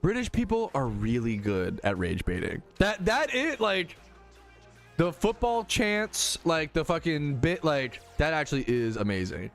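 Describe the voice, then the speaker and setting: A young American man ranting casually and profanely to his stream chat, heated and animated. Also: on the high side, measured pace, creaky, faint music behind. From United States.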